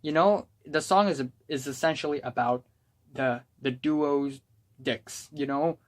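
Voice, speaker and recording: A young adult music reviewer holding forth in an unscripted, casual style. The delivery is blunt and exasperated, like someone ranting about records they can't stand. The voice sits at a middling pitch. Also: a little slow. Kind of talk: casual spoken album review.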